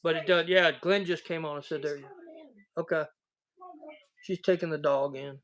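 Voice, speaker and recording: A man's voice: on the high side, steady tone, moderate pace, a bit bright. A man with a Southern American accent hosting a casual livestream chat, telling rambling, folksy stories over a video call. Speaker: livestream host.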